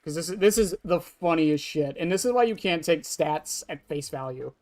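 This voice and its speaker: Playing an online horror game live, a streamer chats casually through the match and answers viewers, blunt, offhand and swearing a lot. The medium-pitched voice is a little mellow, with lively intonation at normal speed.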